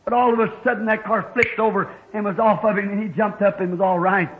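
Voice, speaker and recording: A man preaching a fervent sermon, rising to shouts as he tells stories. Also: high-pitched, fairly even intonation, quick pace. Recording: dull lo-fi old tape.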